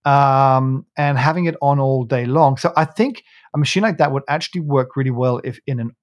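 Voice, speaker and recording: A man hosting a coffee podcast speaks at medium pitch and normal speed in studio-quality audio with no echo. He's casually chatting through a long anecdote, rambling loosely, restarting often, and laughing as he tells it.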